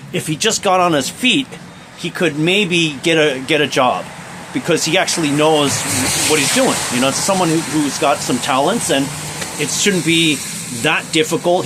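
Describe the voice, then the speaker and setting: Rambling, emphatic man, somewhat high voice. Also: a bit bright, a little hiss or hum. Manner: emphatic, repetitive, full of restarts and fillers. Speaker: vlogger. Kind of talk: rambling monologue.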